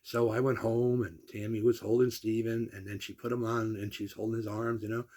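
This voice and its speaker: A man's voice: lowish voice, brisk. A man in his sixties telling salty family stories in a casual way, acting out the people he quotes. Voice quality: gravelly, husky voice. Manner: animated, salty storyteller who acts out the people he quotes. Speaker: storyteller. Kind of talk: casual personal storytelling.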